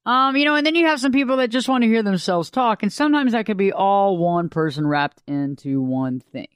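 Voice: mid-range voice, lively intonation, fairly quick, clear, resonant tone, no echo, clean studio sound. A radio talk show host, delivering a folksy, conversational monologue.

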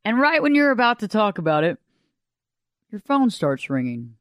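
Animated talk radio host. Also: medium pitch, normal speed, dry recording, clean studio sound. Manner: animated, conversational, folksy.

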